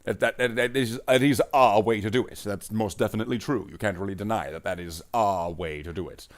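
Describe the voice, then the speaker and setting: A man's voice: lowish voice, brisk. Man rambling jokily as a livestream host. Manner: rambling and jokey, calls viewers "brother Marines". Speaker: livestreamer painting miniatures. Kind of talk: casual livestream chat in a space marine persona.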